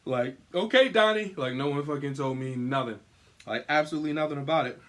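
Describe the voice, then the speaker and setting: A man's voice: mid-range voice, fast talker. Profane, rambling young male podcast host. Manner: profane, animated and rambling, breaks into singing. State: recovering from illness. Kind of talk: casual solo podcast monologue. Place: indoor room at home.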